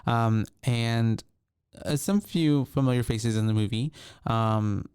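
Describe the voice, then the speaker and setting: Rambling male podcast host, smooth dry voice. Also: medium pitch, slow, a little mellow, no echo. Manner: rambling, many ums and restarts. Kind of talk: casual chat.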